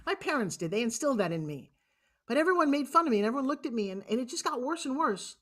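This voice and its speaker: A woman in her sixties with a New York accent, telling a personal story on stage in a lively, joking, blunt way. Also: high-pitched, fast talker. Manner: animated, jokey and blunt, acting out other voices. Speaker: motivational speaker.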